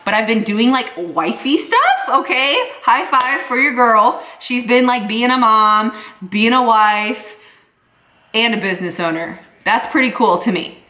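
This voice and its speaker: A woman's voice: medium pitch, sharp tone. A young adult woman vlogging in a casual chat to camera. She rambles and fills her talk with "like.". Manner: chatty, rambling, heavy use of "like". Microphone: camera mic. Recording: echoey room.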